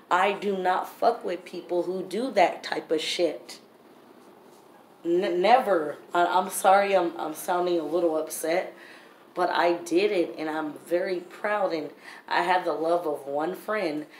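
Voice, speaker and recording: Blunt, profane woman telling her story. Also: lowish voice. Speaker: vlogger. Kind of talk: storytime vlog. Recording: roomy echo, faint background noise.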